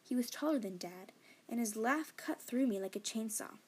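A woman narrating a fantasy novel as a fan audiobook. Her reading is expressive and breathy, with a husky texture. She slips into whispers for tense moments. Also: fairly high pitch, normal speed. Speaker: audiobook reader.

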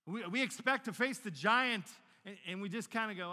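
A man's voice: high voice, normal speed, sharp tone, long reverb tail. A pastor in his forties, telling stories animatedly in a sermon and often repeating words as he restarts a sentence. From Northern Virginia, United States.

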